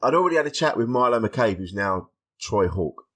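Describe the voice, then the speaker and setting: A middle-aged man, a stand-up comedian chatting candidly as a guest, telling stories in a lively, frank, self-deprecating way. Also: mid-range voice, brisk. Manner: animated, acts out dialogue, frank and self-deprecating. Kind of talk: candid conversational storytelling.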